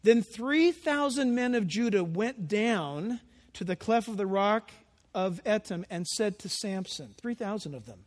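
A man with a very high voice preaches through a scripture passage, stopping for lively, chatty asides to his congregation. His words ring out with the long reverb of a large sanctuary. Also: measured pace. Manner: conversational, animated storytelling asides. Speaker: pastor. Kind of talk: expository sermon.

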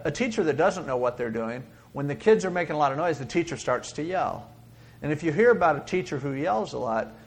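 A man preaching a sermon, dramatic, swinging between loud exclaiming and hushed whispering. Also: sits high, gravelly.

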